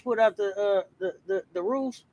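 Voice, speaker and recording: A man's voice: high voice, a little fast, darkish tone, rough recording. A man co-hosting a casual sports talk show, joking and stammering over his words. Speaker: sports podcast co-host.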